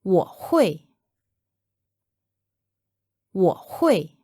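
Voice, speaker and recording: Female pronunciation model, very slow and deliberate, lively tones, dry close mic. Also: mid-range voice, slightly rough, no room sound. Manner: careful, deliberate enunciation, each phrase said twice. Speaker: native-speaker model for pronunciation. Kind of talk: slow repeated pronunciation examples.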